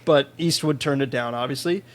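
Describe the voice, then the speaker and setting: A man's voice: medium pitch, a little fast. A man from Chicago co-hosting a podcast, chatting casually about a film, swearing freely and reading out trivia. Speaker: podcast co-host. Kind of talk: casual film review chat.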